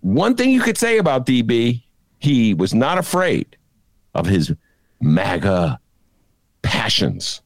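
A man hosting a political talk show, animated and laughing, often mocking others in put-on voices. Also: mid-range voice, takes it slowly, pauses often, dry recording. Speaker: podcast host. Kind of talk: casual political commentary.

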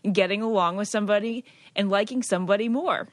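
A woman co-hosts a podcast and chats casually with friends, giggling as she gushes and filling her speech with "like". Her voice sits at an ordinary pitch for a woman. The sound is dry and close to the mic. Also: quick pace, no echo. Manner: giggly, gushing, lots of "like". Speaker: podcast co-host. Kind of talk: casual chat.

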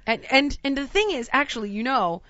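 Forties woman, comic storyteller, self-deprecating, slightly high voice, dry lo-fi sound. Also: a little fast, no room sound. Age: 40s. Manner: animated, self-mocking, acts out quoted people. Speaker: guest telling a story. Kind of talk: comedic storytelling.

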